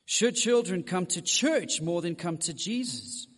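A man's voice: high voice, big pitch swings, measured pace, a bit bright, big-room sound. A man preaching a sermon, speaking straight to his congregation with frank asides. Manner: direct, addresses the congregation with asides.

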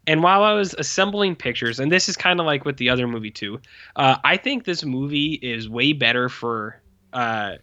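A man's voice: medium pitch, lively intonation, moderate pace, pushed and bright, dry recording, muffled recording. A man co-hosting a podcast, chatting casually about a movie in a rambling way full of fillers and acted-out quotes. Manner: rambling, filler-heavy, acts out quoted lines. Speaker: podcast co-host. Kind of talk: casual movie review chat.

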